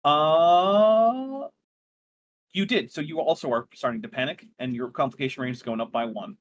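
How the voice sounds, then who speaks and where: Fairly high-voiced male game master. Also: normal speed. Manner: relaxed, rambling, self-correcting. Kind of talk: narrating a tabletop game.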